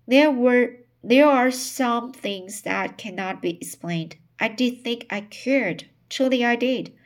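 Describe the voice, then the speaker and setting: A woman's voice: on the high side, takes it slowly. A woman reading the lines of an earnest young woman of about twenty, pleading and distraught.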